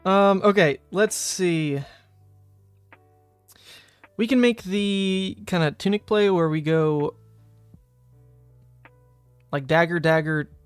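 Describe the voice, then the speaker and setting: Streaming a card game, a young New Orleans native chats casually with his viewers and thinks through plays aloud in casual live-stream commentary. His fairly high voice is clear and resonant, with no room sound, and he hails from Louisiana, USA.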